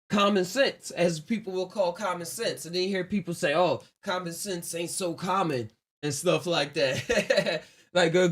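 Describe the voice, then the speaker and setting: A man with a high, somewhat bright voice runs his own podcast live, by himself. His talk is easygoing and rambling, reflective in tone, with frequent laughs.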